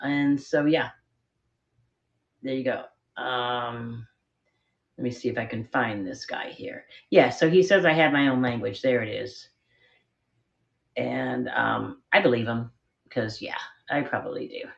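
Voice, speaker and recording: A middle-aged woman with a rumbling low, creaky voice runs a live-stream auction of vintage jewelry from a spare bedroom at home. She talks a little slowly, pausing often, and rambles chattily about each piece while poking fun at herself. The audio sounds dull.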